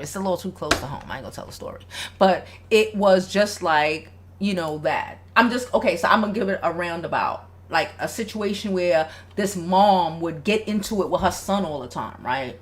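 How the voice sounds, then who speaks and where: A woman's voice: fairly low pitch, slight background noise. A woman hosting a casual advice livestream, speaking bluntly with a lot of swearing and reading viewer comments aloud. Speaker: relationship advice host.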